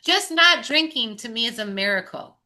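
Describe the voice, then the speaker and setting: Bright-voiced woman in impassioned sober chat. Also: fairly high pitch, lively intonation, normal speed. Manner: impassioned, rambling, swears, laughs often. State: strained voice. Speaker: sober group member. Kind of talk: casual recovery chat.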